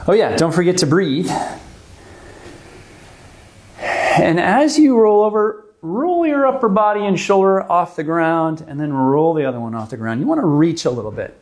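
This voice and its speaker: A man calmly leading a stretching class, guiding the moves step by step and explaining why each one helps. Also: a little high, moderate pace. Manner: calm, gently coaching, explains the reasons for each move. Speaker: movement class instructor. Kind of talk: guided exercise class instruction.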